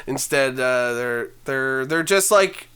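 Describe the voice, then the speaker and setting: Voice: lively intonation, slow, a bit bright, smooth. A podcast co-host chatting casually, laughing a lot and swearing. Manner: laughs a lot, swears, slips into squeaky old-man impressions. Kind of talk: casual chat.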